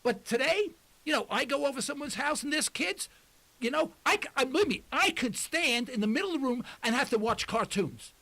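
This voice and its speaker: A man's voice: very high-pitched, expressive, brisk, creaky, bright, forceful tone. A man in his sixties hosting a talk radio show from the studio, speaking in a rambling, emphatic monologue. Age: 60s.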